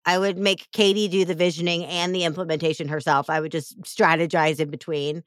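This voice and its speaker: A woman hosting a podcast, talking frankly and lively with quick asides. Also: fairly low pitch, no room sound, studio quality. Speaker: podcast host. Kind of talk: podcast conversation.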